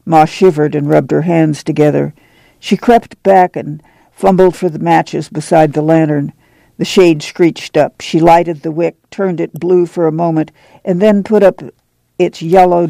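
Gravelly, mellow male narrator. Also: on the high side, steady tone, measured pace, no room sound, poor audio. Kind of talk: audiobook narration.

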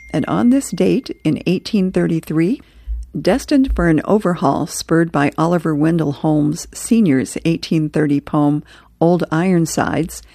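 A woman's voice: low-pitched, vocal fry, warm tone, no echo, studio quality. A woman host reading newspaper comic strips aloud, chuckling between them.

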